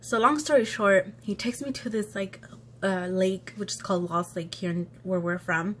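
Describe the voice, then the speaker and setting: A woman's voice: mid-range voice, moderate pace, fairly bright tone, a little hiss or hum. Chatty young woman telling a story. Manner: chatty, frequent "like" fillers, blunt swearing. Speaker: vlogger. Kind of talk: casual storytime while eating.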